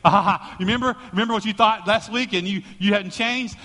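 A male pastor preaching a sermon and telling a joking, animated story to his congregation. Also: high voice, brisk, long reverb tail.

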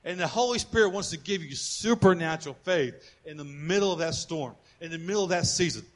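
A man preaching a sermon as pastor. He is animated, repeats words as he builds a point, calls on the congregation to answer, and goes hushed for personal stories. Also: fairly high pitch, fairly quick.

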